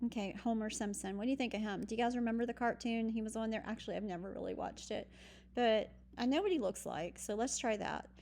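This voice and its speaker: A woman's voice: a little high, quick pace, gravelly, a little mellow, a little hiss or hum. A woman teaching a recorded online French lesson, patient and explaining step by step with frequent ums. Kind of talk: recorded virtual lesson walkthrough.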